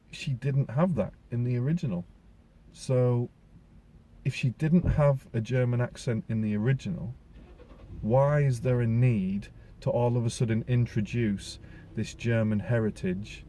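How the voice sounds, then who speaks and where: A man's voice: mid-range voice, mellow, slight background noise. A man giving a casual spoken film review as a podcast host, rambling along with restarts and fillers.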